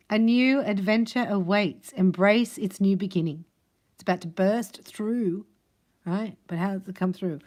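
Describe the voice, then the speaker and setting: A tarot card reader with a medium-pitched, dark-toned voice gives a chatty, playful, casual reading. She laughs often and at times lowers her voice to nearly a whisper.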